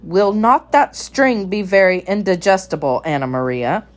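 A woman's voice: medium pitch, very animated, normal speed, faint music behind, natural voice. A woman voicing a greedy, fussy old male rat who speaks in formal, long-winded phrases. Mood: doubtful.

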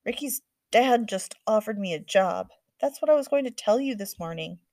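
A woman's voice: medium pitch, lively intonation, normal speed, darkish tone, dry recording, clean studio sound, natural voice. A woman reading the part of a worried, stern mother scolding her daughter, firm and exasperated. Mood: sighing.

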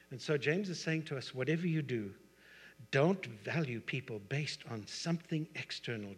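A man's voice: mid-range voice, husky. A middle-aged man with a South African accent preaching a sermon, conversational, with asides and rhetorical questions to the congregation. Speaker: pastor. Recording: long hall reverb.

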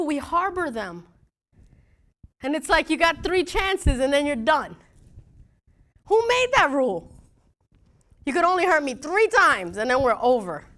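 A middle-aged woman pastor preaching a sermon, telling stories in a lively way and acting out dialogue. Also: high voice. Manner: animated storytelling with laughs and acted-out dialogue.

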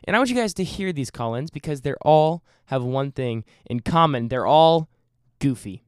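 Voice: medium pitch, lively intonation, moderate pace, clean tone, no echo, clean studio sound. A podcast host chatting casually at home, goofy and rambling, breaking into bits of song.

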